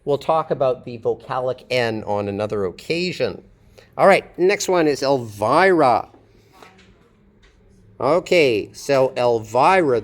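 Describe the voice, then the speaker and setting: Slow-talking man teaching English phonetics. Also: medium pitch. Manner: explains slowly, drawing out sample words. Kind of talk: classroom lecture.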